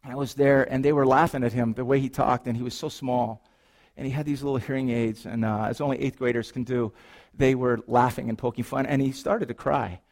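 A man's voice: mid-range voice, brisk. Man preaching a storytelling sermon. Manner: storytelling, shifts from animated to hushed and earnest. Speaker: pastor. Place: church sanctuary.

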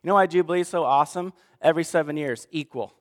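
A man preaching a sermon, swinging between hushed asides and fired-up outbursts. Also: a little high, very fast, big-room sound. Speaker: pastor.

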